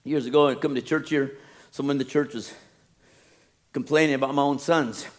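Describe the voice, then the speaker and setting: A middle-aged man preaching a sermon as pastor, swinging from loud emphatic peaks to quiet low asides and jokes. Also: steady tone, brisk.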